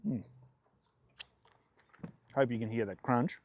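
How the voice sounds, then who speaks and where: A man's voice: mid-range voice, slow pace, darkish tone, slight background noise. A man in his forties with an Australian accent, chatting casually as a food vlogger and rambling through anecdotes. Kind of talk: casual food vlog storytelling.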